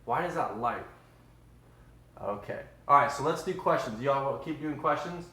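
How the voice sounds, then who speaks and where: A man's voice: medium pitch, animated, normal speed, sharp tone, a little hiss or hum. An upbeat, chatty man, hosting a casual live stream from his home kitchen. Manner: upbeat, chatty, says "y'all" a lot. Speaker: livestream host. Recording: roomy echo.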